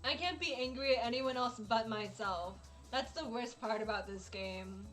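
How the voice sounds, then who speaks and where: A woman's voice: on the high side, moderate pace, soft background music. A woman live-streaming while she plays a video game, chatting casually and dramatically, exasperated and laughing often.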